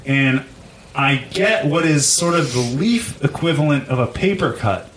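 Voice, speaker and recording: A man's voice: a little high, a little slow, background noise. A man casually telling a funny childhood story, acting out voices and laughing as he goes. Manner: animated, acts out voices, laughs often.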